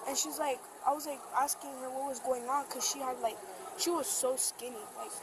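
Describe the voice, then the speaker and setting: A woman's voice: sits high, steady tone, brisk. A young woman telling police what happened, rambling and full of fillers, heard on a body camera. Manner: rambling, filler-heavy retelling. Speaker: witness, younger sister. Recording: noisy bodycam audio.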